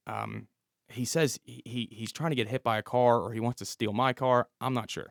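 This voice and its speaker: A man's voice: medium pitch, normal speed, vocal fry, no echo, clean studio sound. A man who was a police officer, a podcast guest telling a story in a casual, matter-of-fact way. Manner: detailed, matter-of-fact retelling.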